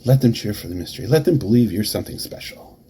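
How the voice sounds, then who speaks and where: A man cutting a taunting wrestling promo, dropping to hushed whispers and then rising to shouts. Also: lowish voice, lively intonation, fast, a little hiss or hum. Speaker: promo performer.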